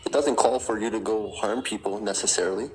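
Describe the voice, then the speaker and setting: A man's voice: fairly low pitch, fairly quick, noisy background. A man calling into a live chat, debating earnestly and persistently in a casual way.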